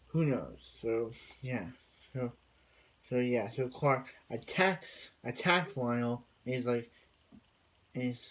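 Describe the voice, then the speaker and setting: A man's voice: mid-range voice, slow pace, rough recording. A man casually recapping a TV episode, rambling and filling gaps with many fillers and restarts. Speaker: TV episode reviewer.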